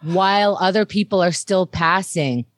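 A woman's voice: lowish voice, moderate pace, no room sound. A woman, telling a story in a casual chat, chatty and wry. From New York.

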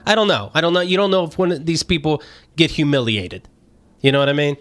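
A man hosting a comedy podcast, talking loudly and jokily in casual banter. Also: a little high, quick pace. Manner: loud, jokey, slips into voices. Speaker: podcast host.

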